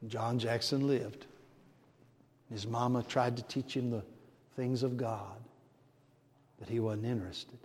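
Older preacher booming in a reverberant hall. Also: male voice, steady tone, slow pace, long pauses, a little hiss or hum. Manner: dramatic, swinging from shouts to hushed storytelling. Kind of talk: sermon. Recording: long reverb of a large hall.

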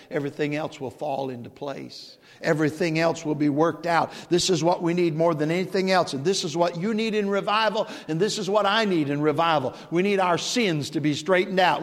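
Impassioned high-voiced preacher in a hall. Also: male voice, normal speed, a bit bright. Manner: rising, impassioned preaching with emphatic repetition. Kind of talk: revival sermon.

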